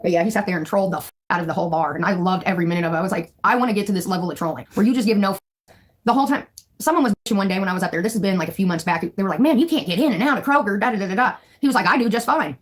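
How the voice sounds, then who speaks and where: A woman's voice: fairly low pitch, racing, poor audio. A woman hosting a casual live stream, telling rambling, profane stories and laughing often.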